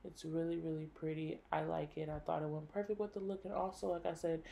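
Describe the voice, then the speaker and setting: A woman's voice: sits low, little pitch movement, fast talker, creaky, dark tone, slight background noise. A young woman hosting a makeup tutorial, chatting casually and enthusiastically to viewers, peppering her talk with "like" and the odd swear. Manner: enthusiastic, talks straight to viewers.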